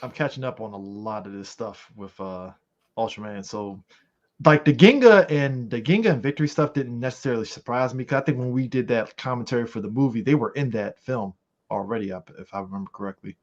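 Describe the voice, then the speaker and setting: A man co-hosting a podcast in casual chat, animated and profane, rambling with lots of fillers. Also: mid-range voice, a little fast. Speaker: podcast co-host. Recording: slightly muffled lo-fi audio.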